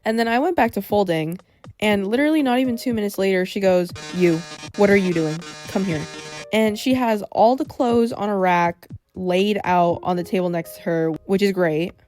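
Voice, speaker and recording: A woman's voice: medium pitch, moderate pace, a little mellow. A young woman narrating a storytime vlog in a wry, sarcastic way. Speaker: vlogger. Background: faint background music.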